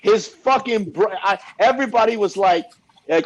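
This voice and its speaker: A man hosting a casual chat, telling animated, profane stories and acting out what others said. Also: high-pitched, quick pace. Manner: animated storyteller, profane, acts out other people's lines. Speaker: host.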